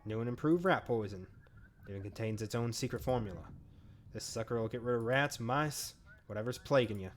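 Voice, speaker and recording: A man doing a slick gas station attendant with a raised, eager salesman's pitch. He wheedles and flatters, voiced as a character in a story game. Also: brisk, a little hiss or hum, natural voice. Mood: wheedling. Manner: ingratiating salesman patter. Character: smooth-talking male gas station attendant peddling poison. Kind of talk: reading game dialogue aloud.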